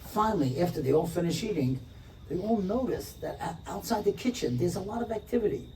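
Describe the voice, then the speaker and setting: A man tells a story in an inspirational talk, switching into the voices of each character as he goes. His voice is mellow and sits slightly high for a man. He is picked up from a distance, with a faint room hum behind. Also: a little fast. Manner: animated, acts out the characters' lines. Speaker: rabbi, speaker.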